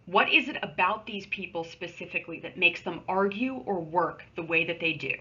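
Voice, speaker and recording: A woman teacher talks through a recorded online lesson, patient and conversational, with little asides as she works. Her voice is bright and a bit husky. The sound is dull and lo-fi, from a computer microphone. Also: on the low side, normal speed. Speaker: high school English teacher. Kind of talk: recorded remote lesson with screen share.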